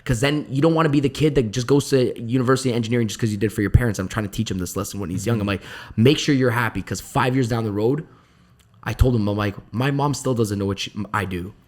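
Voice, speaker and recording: A young man as a podcast guest in casual chat, telling stories quickly and acting out what people said to him. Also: medium pitch. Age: young adult. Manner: fast storytelling, acts out quoted dialogue, many "I'm like".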